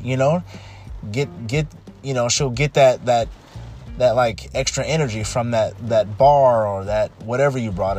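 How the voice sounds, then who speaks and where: A man's voice: mid-range voice, a little mellow. Emphatic man in his thirties. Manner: emphatic, repetitive, restarts often. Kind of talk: casual monologue. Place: home during a rainstorm. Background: pouring rain, faint music.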